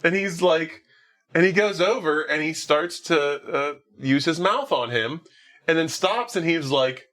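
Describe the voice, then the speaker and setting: A man's voice: on the high side, animated, unhurried, fairly bright tone. A man hosting a podcast, casually retelling a film's scenes with frequent "like" fillers and laughs. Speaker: podcast host. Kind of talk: casual movie recap chat.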